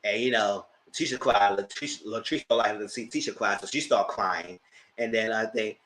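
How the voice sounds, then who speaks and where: A man hosting a casual TV recap, chatty and animated, laughing often and breaking into excited outbursts. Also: fairly low pitch, normal speed, slight background noise. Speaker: TV recap host. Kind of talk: casual live TV review commentary.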